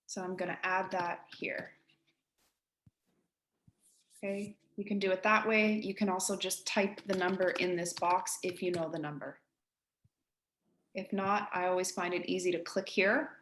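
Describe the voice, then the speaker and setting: A woman with an East Coast Canadian accent, a real estate agent giving colleagues a casual, direct software tutorial. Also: lowish voice, steady tone, unhurried, pauses often, roomy sound, slight background noise. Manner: chatty, direct, addresses listeners as guys.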